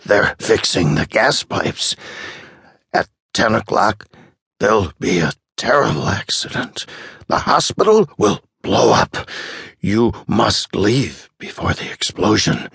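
A man's voice: fairly low pitch, very animated, takes it slowly, gravelly, fairly bright tone, slightly rough, no echo, clean studio sound, heavily acted. A man voicing a frantic old male patient who pleads urgently in an audiobook.

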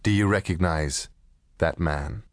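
A man reading an audiobook and voicing a cool, determined woman client, husky and lowered. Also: measured pace, dry recording, studio quality. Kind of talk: audiobook character voice.

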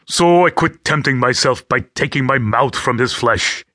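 Brief: male audiobook narrator, bright, forceful tone, dry studio sound, gritty first-person storytelling. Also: medium pitch, moderate pace, no echo. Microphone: close studio mic.

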